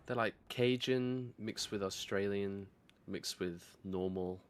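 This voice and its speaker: A man playing a shooter with friends, teasing and joking excitably as he talks. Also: fairly low pitch, slow pace. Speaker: teammate in a gaming stream. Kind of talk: casual gaming chat. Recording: loud gunfire and clicks behind.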